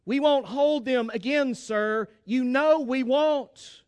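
A man's voice: very high-pitched, slow pace, a little mellow, clean tone. Guy putting on a tough old wounded sergeant, blunt, kinda gloomy. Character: old hard-nosed wounded male sergeant.

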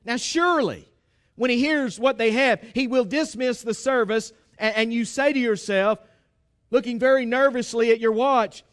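A pastor giving a sermon, retelling a Bible story with humour and acting out the dialogue. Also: male voice, very high-pitched, moderate pace, fairly bright tone.

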